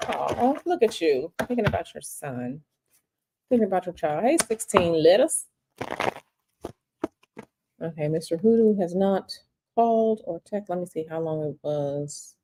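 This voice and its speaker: During a live-stream tarot reading, a woman with a lowish voice and lively intonation speaks unhurriedly, leaving long pauses, with background noise audible. She talks conversationally, repeats phrases for emphasis, and reads viewer questions aloud before answering them directly.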